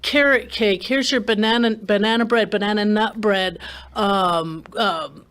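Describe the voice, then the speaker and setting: A woman's voice: mid-range voice, measured pace, fairly bright tone, clean tone. A woman hosting a gardening radio show, chatting casually with many restarts and fillers.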